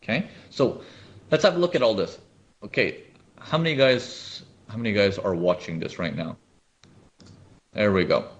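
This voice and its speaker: Man, trading educator, live webinar, animated, keeps asking viewers questions, dull lo-fi sound. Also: lowish voice, normal speed, long pauses. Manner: animated, asks viewers often.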